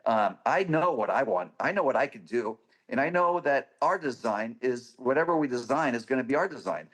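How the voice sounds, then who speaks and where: A man's voice: mid-range voice, expressive, normal speed. A man, a guest on a podcast, telling stories about designing parts in an eager, anecdotal way. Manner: enthusiastic, anecdotal storytelling. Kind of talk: casual podcast interview.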